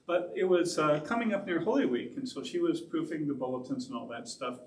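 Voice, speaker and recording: A man's voice: fairly high pitch, expressive, brisk, a little mellow. A man from Oregon, a pastor leading an adult Bible class in a loose, conversational way full of side remarks. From Oregon, USA. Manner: rambling, conversational, with self-aware asides. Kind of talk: casual Bible study teaching. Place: church classroom. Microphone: distant room mic. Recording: roomy, distant, faint hiss.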